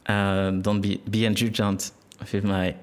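A man from France with a French accent, a guest in a casual interview, speaking English haltingly as he searches for words. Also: fairly low pitch, little pitch movement, clear, resonant tone. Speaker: guest, dance instructor.

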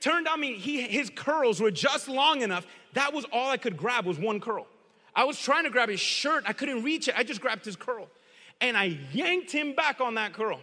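A long hall reverb echoes around a high, bright-voiced man preaching a sermon. He tells stories with lively energy and breaks into occasional shouts.

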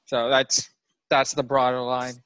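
A man's voice: medium pitch, completely flat delivery, unhurried, a bit bright, clean tone, dry recording. A man who does stand-up comedy, telling an angry story in casual podcast banter.

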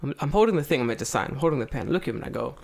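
A man's voice: medium pitch, lively intonation, rapid-fire, gravelly, a little mellow. A man in casual chat, telling a story with lots of swearing and acted-out voices. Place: lives in Japan.

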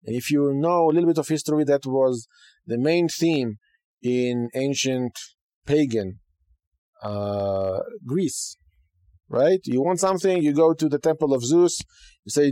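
A podcast host teaching Judaism speaks in an unhurried, mid-range voice on a dry recording. His casual teaching is conversational and animated, sprinkled with frequent "okay" and "right" asides.

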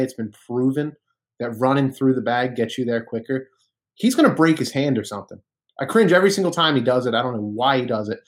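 Man co-hosting a casual sports podcast. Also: medium pitch. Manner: conversational, opinionated, frequent fillers. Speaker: podcast co-host.

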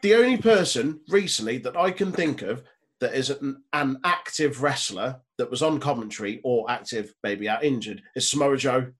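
Lively, jokey young man. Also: mid-range voice, moderate pace, breathy edge. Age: young adult. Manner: jokey, laughing, sweary asides. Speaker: podcast co-host. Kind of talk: casual chat.

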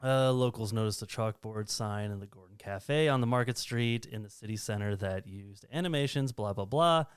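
A man's voice: fairly low pitch, normal speed, clean tone, no room sound, clean studio sound. A man co-hosting a casual podcast, joking around and reading news items aloud with a sarcastic lilt. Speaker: podcast co-host.

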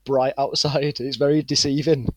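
A man's voice: mid-range voice, moderate pace, dry recording, lo-fi sound. Young northern English man, dry sound. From England. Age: 20s. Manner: relaxed, rambling, lots of fillers. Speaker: guest. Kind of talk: casual interview chat.

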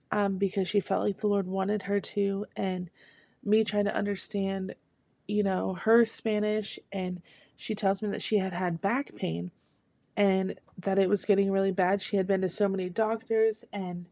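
Earnest woman telling a testimony, gravelly. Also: medium pitch, a little mellow, no room sound. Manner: earnest, personal storytelling. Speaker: speaker sharing a testimony. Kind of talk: devotional testimony talk.

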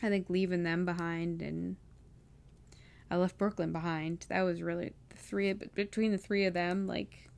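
A woman's voice: on the low side, level tone, moderate pace, vocal fry, a little mellow. A young woman vlogging casually about leaving home, emotional and close to tears, with many fillers. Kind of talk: casual personal vlog.

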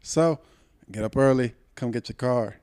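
A man's voice: mid-range voice, measured pace, smooth, no echo. Podcast co-host, young man from Puerto Rico, heated storyteller, dry close sound. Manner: heated, animated, profane storytelling. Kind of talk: casual storytelling chat.

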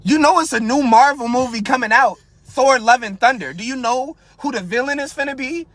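A young man hosting a podcast, ranting in a crude, animated, comedic way and asking his listeners one rhetorical question after another. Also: very high-pitched, a little fast, no room sound. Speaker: podcast host. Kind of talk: casual comedic rant. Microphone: podcast mic.

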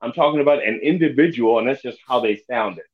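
A man's voice: medium pitch, fast, lo-fi sound. A man chatting casually on a podcast, telling stories with lots of laughter. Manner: animated storyteller, laughs often. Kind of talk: casual chat.

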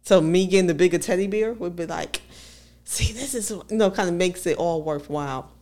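A podcast co-host speaks candidly on a casual conversational show, laughing often as she shares personal stories. Her voice is fairly low and warm, and she talks briskly.

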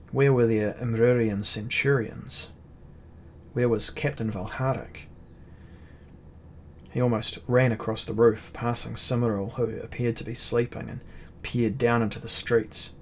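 A man narrating a fantasy novel as an audiobook in a measured, dramatic way. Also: medium pitch, gravelly, a little hiss or hum.

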